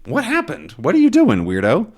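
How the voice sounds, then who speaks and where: A man voicing a small, excitable white dog from a comic, in a high, fretful, exclaiming voice. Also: normal speed, breathy edge, heavily acted. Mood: puzzled.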